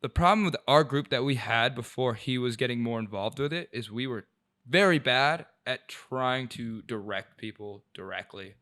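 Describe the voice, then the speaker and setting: A man's voice: mid-range voice, animated, normal speed, bright, forceful tone. A young man co-hosting a casual podcast, reflecting earnestly on his friends and quoting what they said. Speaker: podcast co-host. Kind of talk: casual chat.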